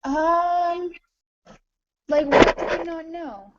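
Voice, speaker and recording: A woman's voice: very high-pitched, steady tone, drawn-out words, heavy background noise. A woman co-hosting a podcast, talking casually and rambling with many fillers. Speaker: podcast co-host. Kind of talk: casual discussion. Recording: dull lo-fi audio.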